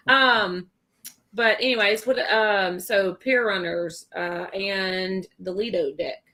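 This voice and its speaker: A woman's voice: medium pitch, steady tone, slow, pushed and bright. A woman co-hosting a casual live chat, upbeat and giggly. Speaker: podcast co-host.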